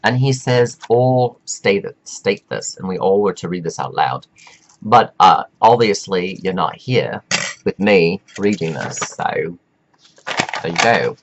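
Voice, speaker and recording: A man's voice: low-pitched, lively intonation, slow pace, a little hiss or hum, low-quality recording. A man giving a meandering, preachy spiritual pep talk, stretching out words for emphasis. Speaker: self-help speaker.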